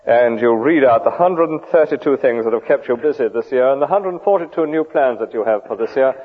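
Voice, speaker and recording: A man's voice: medium pitch, animated, fairly quick, breathy edge. A man preaching a sermon, rhetorical with vivid emphasis and dry humour. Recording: tinny, phone-like old radio broadcast.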